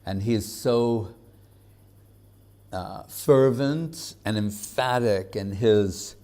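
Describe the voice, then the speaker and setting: Speaking in a mellow voice on the low side, this spiritual teacher chuckles frequently and fills his halting, casual devotional talk with fillers.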